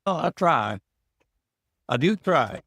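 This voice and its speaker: A man's voice: on the high side, big pitch swings, slow, a bit bright, husky, no echo, clean studio sound. An Irish man, a guest author, chatting and telling anecdotes in an interview, a little self-deprecating. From Ireland. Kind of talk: relaxed storytelling interview. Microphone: video call.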